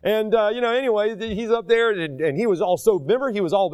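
A man's voice: high-pitched, fast talker, few pauses, clean tone, dry recording, studio quality. A man preaching a sermon, talking casually and acting out the people he quotes. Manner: animated, acts out the people he quotes.

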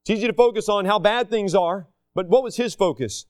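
A man's voice: high-pitched, a little fast, no echo, clean studio sound. A man preaching a sermon, talking casually and acting out the people he quotes. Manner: animated, acts out the people he quotes.

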